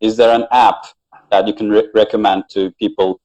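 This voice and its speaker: A man interviewing a guest in a casual chat, asking calm, measured questions. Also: on the low side, highs cut off. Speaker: interviewer, language teacher.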